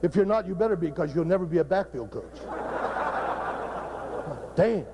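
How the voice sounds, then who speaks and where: A man's voice: high voice, animated, unhurried, heavy background noise. A man who is a football coach, giving a joking, blunt, profane talk at a coaching clinic. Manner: blunt and profane, cracking jokes.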